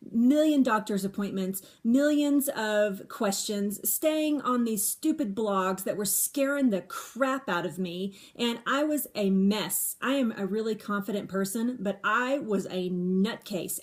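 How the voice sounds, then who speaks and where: A middle-aged woman talks straight to her viewers in a relaxed live stream, pitched in an ordinary middle range. She is candid and chatty, repeating words for emphasis and often restarting mid-sentence. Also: normal speed, few pauses. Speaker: livestream host answering viewer questions. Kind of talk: casual live Q&A monologue. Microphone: phone or webcam on a live stream.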